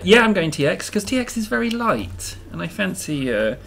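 A man's voice: sits high, sing-song, moderate pace, creaky, a bit bright, faint music behind. A man hosting a game video, giving casual, self-amused commentary and thinking aloud as he builds.

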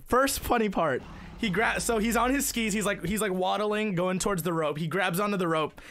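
Male streamer, high-pitched voice, casual comedic storyteller who rambles, swears and gets excited. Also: moderate pace. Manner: rambling, full of "like" fillers and swearing; grows loud and excited at the peaks of the story. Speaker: gaming streamer telling a story.

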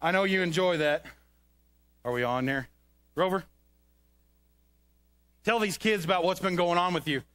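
A man's voice: high voice, moderate pace, pauses often, a bit bright, dry recording. A man presenting a comedic kids' skit on a church stage, talking into a handheld microphone to a puppet dog in an exasperated, coaxing way. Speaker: children's ministry presenter.

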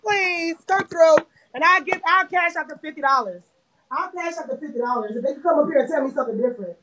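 A woman rants on a live stream, high-pitched and quick, full of profanity and repeated jabs. She sounds like she is set back from the phone in a roomy space. A faint noise sits under her voice. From South Carolina. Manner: profane, defiant, repetitive insults. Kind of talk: heated live-stream rant. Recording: echoey room from a distance, faint noise.

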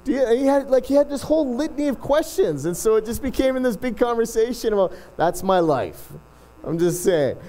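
A man's voice: very high voice, very animated, brisk, warm tone, rough recording. A middle-aged male pastor giving a casual, self-deprecating sermon, often restarting his sentences. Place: church.

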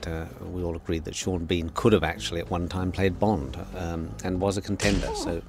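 A middle-aged man giving a relaxed, anecdotal film commentary as the director, with frequent fillers. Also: deep voice, brisk, background noise. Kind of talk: DVD audio commentary.

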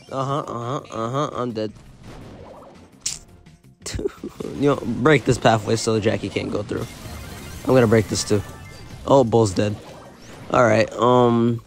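Excitable self-mocking gamer guy, hoarse. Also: mid-range voice. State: voice going hoarse. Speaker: gaming YouTuber. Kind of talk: live gameplay commentary.

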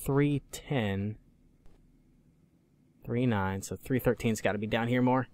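A man's voice: medium pitch, slow pace, darkish tone. A man commentating a horror game he is playing, jumpy and swearing, talking back at the game. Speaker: gaming YouTuber.

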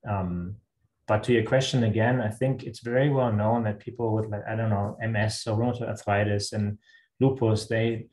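A man with a German accent, a guest lecturer answering questions in a webinar in a measured, explanatory way. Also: fairly low pitch, fairly even intonation, a little mellow. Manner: measured, explanatory, thinks aloud. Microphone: video call. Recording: echoey room with faint noise.

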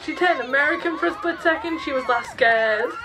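A young woman hosting a reaction video, chatting excitably, laughing often and using slang. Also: high voice, a little fast, over music, a crowd in the background, rough recording. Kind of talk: casual reaction commentary.

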